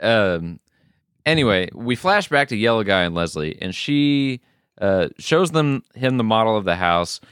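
Deep-voiced man cursing casually. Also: sing-song, unhurried, a bit bright, clean tone, dry recording, clean studio sound. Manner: profane, rambling, lots of fillers. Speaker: podcast co-host. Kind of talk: casual recap chat.

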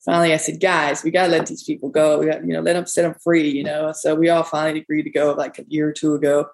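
A woman's voice: low-pitched, flat delivery, quick pace, vocal fry, a little mellow, low-quality recording. A woman who owns a bar, telling stories in a rambling, folksy way and often quoting people. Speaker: bar owner. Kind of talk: casual storytelling interview.

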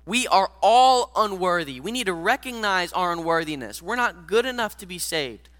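Casting note: earnest male preacher, fairly high voice with a bright, forceful tone, direct sermon delivery. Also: expressive, moderate pace. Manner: earnest, addresses listeners directly as guys.

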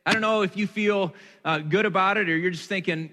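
A man's voice: high-pitched, brisk, bright, forceful tone, big-room sound. A man in his thirties preaching a sermon in a conversational way, asking his listeners questions and making light of himself. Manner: conversational, with rhetorical questions and self-deprecating asides. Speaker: pastor.

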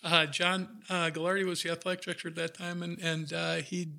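Older ex-coach guest, gravelly and fairly high-voiced, lively anecdotes full of acted-out quotes. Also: male voice, a little fast. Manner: animated, acts out quotes, laughs often. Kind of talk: casual storytelling.

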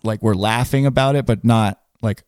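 A man's voice: on the low side, normal speed, a little mellow, no echo, clean studio sound. A man telling a funny story in casual podcast chat, rambling with lots of fillers. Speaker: guest storyteller.

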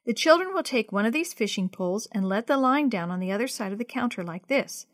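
Storybook part: kindly teacher explaining to kids, clear and instructive, voiced by a woman. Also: a little high, animated, brisk, no echo, studio quality, natural voice. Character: friendly woman teacher at a church class.

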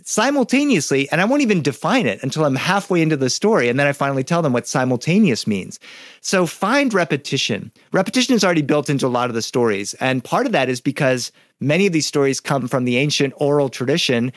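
A man, a professional storyteller, speaking in an animated, demonstrative way as an interview guest. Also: fairly high pitch, dry recording, clean studio sound. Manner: animated, demonstrative, breaks into character voices. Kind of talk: conversational interview.

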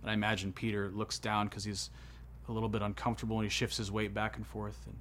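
A man preaching a sermon, retelling a story with swings between hushed, solemn passages and excited, rising ones. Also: fairly low pitch, fast talker, slight background noise. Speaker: pastor.

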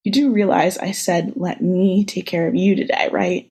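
A woman's voice: fairly low pitch, fairly even intonation, moderate pace, darkish tone, slightly rough. A woman reading a sweet cozy girlfriend. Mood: affectionate. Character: cozy young woman being cared for.

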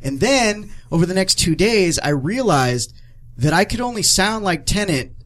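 A man in casual podcast chat, animatedly recounting an anecdote with quick restarts. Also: sits high, big pitch swings, fairly bright tone.

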